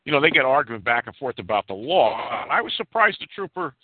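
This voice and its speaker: A man spins a story with a lively, swinging voice and keeps tripping over repeated words. His voice is mid-pitched and comes through a dry, tinny phone line with no room sound. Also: fast, no echo. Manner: animated, repeats words while acting out the people in his story. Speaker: storyteller on a talk show. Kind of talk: casual storytelling.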